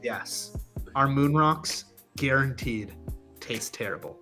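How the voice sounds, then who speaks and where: A man's voice: medium pitch, slow pace, pushed and bright, faint music behind. A man co-hosting a casual talk show, joking and laughing often as he reacts to comments. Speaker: co-host. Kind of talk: casual podcast chat.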